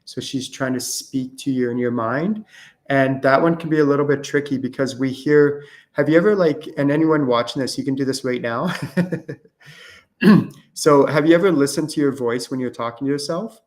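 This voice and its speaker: A man's voice: mid-range voice, moderate pace. A man hosting a live-streamed question-and-answer show, talking casually with lots of fillers and false starts. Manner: casual, rambling with many fillers and restarts. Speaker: host and spiritual channeling teacher.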